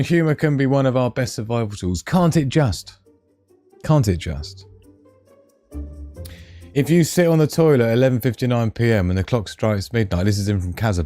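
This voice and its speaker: A man's voice: mid-range voice, warm tone. Jokey British man hosting a live stream. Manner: jokey, laughs often, chatty asides to the chat. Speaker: livestream host. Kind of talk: casual live-stream chat reading comments.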